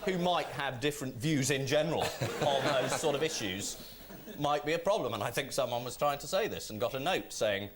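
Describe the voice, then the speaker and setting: A man's voice: medium pitch, expressive, a little fast, over a noisy crowd. A man from Britain on a comedy panel show, making wry, ironic asides. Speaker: team captain on panel show.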